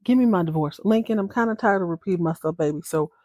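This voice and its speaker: A woman's voice: fairly low pitch, quick pace, dry recording, close to an everyday voice. A fed-up matriarch in her sixties, played by a woman retelling the scene who speaks coolly and firmly and repeats herself without raising her voice. The voice sounds dry and close. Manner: cool, collected, repeating herself flatly. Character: calm fed-up older woman matriarch, cool, firm.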